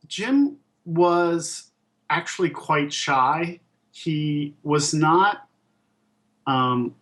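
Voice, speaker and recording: A man in his fifties with a slightly raised voice recalls his work as a puppet and toy designer in a relaxed interview. He talks in a thoughtful way, pausing on ums and restarting his sentences as he goes. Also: fairly high pitch, rough recording. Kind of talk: casual interview storytelling.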